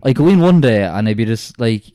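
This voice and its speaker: A man's voice: medium pitch, lively intonation, a little fast, warm tone. A young Irish man, a podcast co-host, rambling and self-mocking about school days. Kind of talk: casual chat, storytelling.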